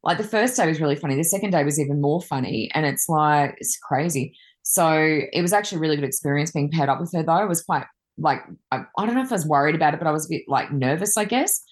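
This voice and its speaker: Low-voiced chatty woman telling stories. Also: lively intonation, quick pace. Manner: chatty, rambling, many fillers. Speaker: Reiki master and card reader. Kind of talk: casual chat, telling anecdotes.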